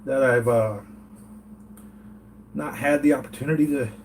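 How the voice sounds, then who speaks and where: Man, from the United States, earnest rambling home vlog, middling pitch, faint room noise. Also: measured pace, darkish tone. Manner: rambling, earnest, reads chat comments aloud. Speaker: toy collector channel host. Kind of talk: casual live-chat vlog.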